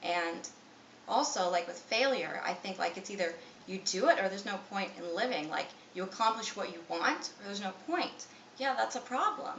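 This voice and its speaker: A woman in her twenties records a rambling, filler-heavy confessional vlog at home, sounding anxious and hard on herself. She has a medium-pitched, expressive, slightly bright voice at a moderate pace. The highs are cut off, and the echoey room, distant mic, and faint ambient noise come through.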